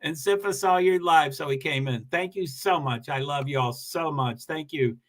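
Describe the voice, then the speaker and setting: A man chats casually on his own livestream, rambling and self-deprecating as he greets viewers. His voice sits a little high and sounds bright and forward. He restarts sentences often as he talks. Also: normal speed. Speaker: livestream host reading viewer comments.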